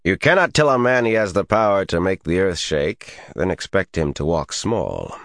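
A man's voice: low-pitched, big pitch swings, moderate pace, fairly bright tone, dry recording, studio quality, full character voice. A man voicing a menacing male commander who sounds almost jolly and barks orders. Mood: jolly menace. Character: commanding, menacing male leader of a school of channelers.

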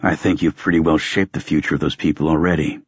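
Snappish tired army medic, low husky voice, as a man reads him, dry muffled tone. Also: steady tone, fast, dry recording. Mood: curt.

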